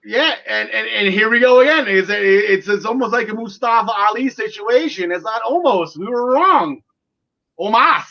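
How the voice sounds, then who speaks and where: A man in his forties hosting a casual wrestling podcast, excitable and jokey, with lots of fillers. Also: high voice, normal speed, vocal fry, few pauses. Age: 40s. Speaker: podcast host. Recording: lo-fi audio.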